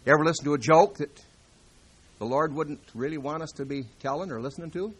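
A man preaching a sermon, moving from quiet, confiding talk to loud, emphatic scripture reading. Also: fairly high pitch, fast, slightly rough.

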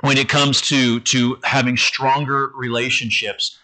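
A man's voice: mid-range voice, little pitch movement, unhurried, bright, forceful tone. A middle-aged man preaching a conversational sermon to his congregation, often stumbling and repeating words as he goes. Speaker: pastor.

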